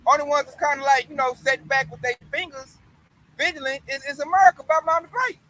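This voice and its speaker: A man reading Bible verses aloud and commenting on them in casual slang, joking and doing quick voices. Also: extremely high pitch, fairly even intonation, bright, forceful tone, poor audio. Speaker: bible study teacher. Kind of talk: informal scripture study and commentary.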